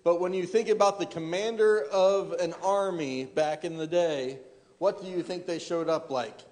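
A man preaching a sermon, his fairly high voice carrying long reverb through a church hall. He asks the congregation rhetorical questions and often restarts his phrases. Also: steady tone, normal speed, darkish tone.

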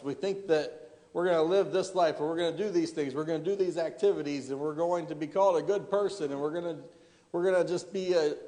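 A man's voice: a little high, dark tone, long reverb tail. A man preaching a sermon, asking the congregation rhetorical questions and often restarting his phrases.

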